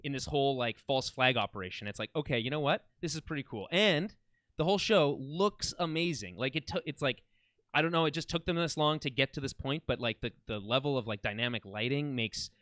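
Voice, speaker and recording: A man with a smooth, resonant voice rambles through an eager recap of a TV show on a podcast. He keeps backing up and rephrasing as he goes. The sound is dry and close. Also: mid-range voice, animated, fairly quick, a bit bright, no echo. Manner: rambling, enthusiastic, many restarts. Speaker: podcast co-host. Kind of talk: casual film and TV chat.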